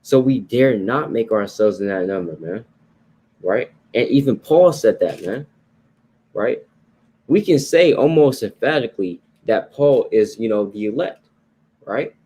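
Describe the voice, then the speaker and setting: He has a fairly low, mellow, slightly rough voice with lively intonation and an unhurried pace. In an informal sermon, he explains the Bible, circles back to the same points, and often adds "right?" or "you know."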